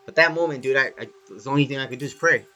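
A man's voice: mid-range voice, very fast, soft background music. A man telling a story in casual chat, swearing freely and saying "dude" all the time. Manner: swears a lot, animated, says "dude" often.

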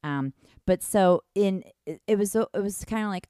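A woman's voice: medium pitch, normal speed, warm tone, smooth, dry recording, clean studio sound. A woman co-hosting a comedy podcast in blunt, crude casual chat. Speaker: podcast co-host.

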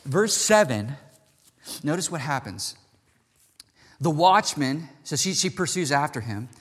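A male preacher delivers a sermon in a slightly high voice, his nose stuffed up. He swings between loud, urgent declarations and hushed, pleading tones. The sound carries a long reverb, as if recorded in a large hall. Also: animated, unhurried, husky. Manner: impassioned, swings from loud urgent to soft intimate.

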